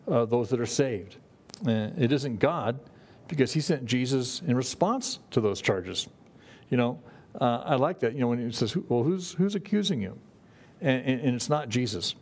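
Man, middle-aged pastor, sermon, conversational, mid-range pitch. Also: normal speed, a little mellow. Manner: conversational, with frequent restarts and "you know".

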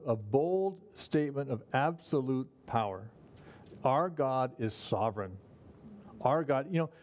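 Mellow-voiced man preaching a folksy sermon. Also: medium pitch. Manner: folksy, chuckles at his own remarks. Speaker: pastor. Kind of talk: conversational sermon.

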